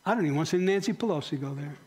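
A man's voice: fairly high pitch, very fast, a little mellow, breathy edge. Earnest male pastor preaching. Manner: earnest, with rhetorical questions to the congregation. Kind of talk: sermon. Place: church sanctuary.

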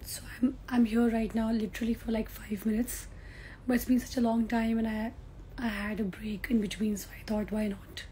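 A young woman talks with fans over a phone livestream. Her voice is hoarse and half gone, sitting a touch high, and she keeps laughing and dropping to a near-whisper. A faint hum of ambience sits behind her. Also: little pitch movement, normal speed, mellow, low-quality recording. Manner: chatty, laughing, drops to a near-whisper, switches languages mid-sentence. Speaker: film actress. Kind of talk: casual livestream chat with fans. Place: on a film set during a break.

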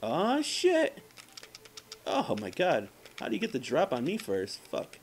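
Lively, foul-mouthed male gamer. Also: medium pitch, normal speed, a little hiss or hum. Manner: profane, trash-talking the game's enemies; self-mocking banter. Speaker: let's play gamer. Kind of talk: casual gameplay commentary.

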